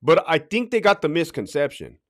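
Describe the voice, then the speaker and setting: Middle-aged guy, ex prison guard on a podcast, swears a lot, pitch jumps around a ton. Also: very animated, brisk. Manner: blunt, profane storytelling with acted-out quotes. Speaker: podcast host, former correctional officer. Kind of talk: casual podcast talk.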